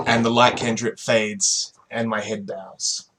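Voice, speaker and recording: A man playing a tabletop game with friends, relaxed and casually swearing as he describes his character's actions. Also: lowish voice, slow pace. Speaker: player. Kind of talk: tabletop game play over voice chat.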